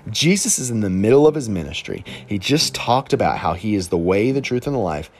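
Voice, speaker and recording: A man with a Southern Alabama accent, the lead pastor, preaching a conversational sermon with animated, slang-filled examples. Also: lowish voice, a little fast, a little hiss or hum.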